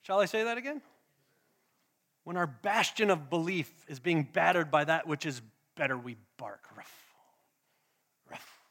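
Drenched in long hall reverb, this church-hall recording captures a pastor's sermon as he engages the congregation with questions and call-and-response. His voice sits on the high side with a fairly bright tone, and he keeps a moderate pace.

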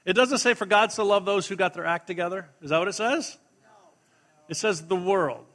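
A man's voice: high voice, moderate pace, fairly bright tone. A man preaching a sermon in church, calling out to the congregation to respond and quoting scripture with rising emphasis. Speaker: pastor.

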